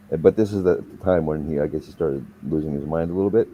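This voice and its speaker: A man's voice: extremely low pitch, fast talker, hardly any pauses, highs cut off, slight background noise. A young man casually telling a rambling, profanity-laced story in conversation. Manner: profane, rambling anecdotal delivery.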